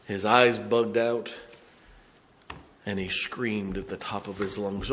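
A man, preaching a sermon as a pastor, swinging from loud to hushed. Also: lowish voice, fairly even intonation, measured pace, background noise.

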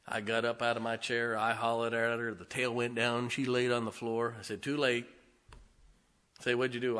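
A middle-aged pastor preaches a sermon in a mid-range voice, swinging between loud, emphatic lines and quiet, hushed ones.

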